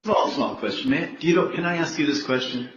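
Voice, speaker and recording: Coy goddess wife, soft and hesitant, coaxing her husband with questions, as a man puts her on; dull, echoey room sound. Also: medium pitch, expressive, brisk, noisy background, lightly acted.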